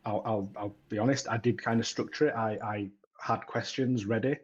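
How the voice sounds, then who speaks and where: This Yorkshire-accented podcaster and tech content creator, speaking at normal speed in a fairly low pitch with fairly even intonation, casually describes his early days making tech videos. He frequently restarts sentences and repeats words. The sound is lo-fi with slight background noise.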